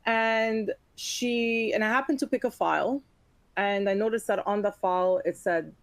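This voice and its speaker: A woman in her forties, an auditor presenting a webinar, teaching through lively stories and acting out the dialogue. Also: medium pitch, normal speed, no room sound. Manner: animated storytelling, acting out quoted dialogue.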